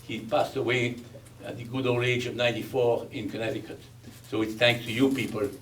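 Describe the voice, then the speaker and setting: A man in his eighties with a Belgian accent, giving a speech with humor as a chuckling, animated storyteller. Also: mid-range voice, a little fast. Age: 80s. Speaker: guest speaker. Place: museum event hall. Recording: distant mic with faint background noise.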